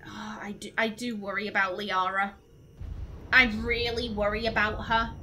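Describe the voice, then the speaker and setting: A woman's voice: mid-range voice, flat delivery, moderate pace, sharp tone, slight background noise, rough recording. A woman streamer giving casual let's-play commentary, rambling and emphatic with many restarts. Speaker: gaming streamer.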